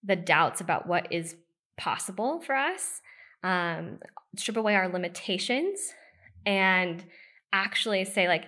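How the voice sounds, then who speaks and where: A woman's voice: lowish voice, animated, a little slow, pushed and bright. A woman in her thirties from the United States, a podcast guest telling her own story in a casual, candid and emotional way, with many "like" and "you know" fillers.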